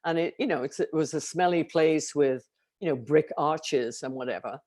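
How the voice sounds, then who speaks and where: An older woman from Liverpool with a softened Liverpool accent, chatting as an interview guest and telling stories. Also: low-pitched. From England. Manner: chatty storyteller, quick affirmations. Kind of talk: casual interview chat.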